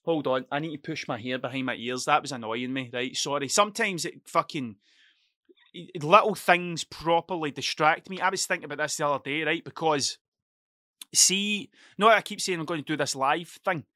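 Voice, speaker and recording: At his home computer desk, a Scottish podcast host rambles through sweary, animated stories in a casual monologue. He speaks at normal speed in a voice on the high side, and the recording is dry and studio quality.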